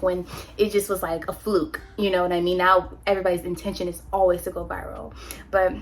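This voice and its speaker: A woman from California telling her own story in a candid, animated, slangy way, as a motivational vlogger on a close mic. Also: mid-range voice, slight background noise. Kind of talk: personal storytelling, motivational talk.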